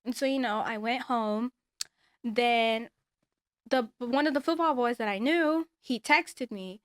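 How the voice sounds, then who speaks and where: With a smooth voice on the high side and a measured pace, a woman casually recounts a personal story, animatedly voicing others' lines and giving emphatic advice. The studio-quality recording has no room sound.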